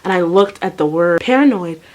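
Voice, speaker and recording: A young woman vlogger telling a storytime tale in a lively way, acting out voices and sounds. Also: on the low side, fairly quick. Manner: animated, acts out voices and sounds. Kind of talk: storytime vlog.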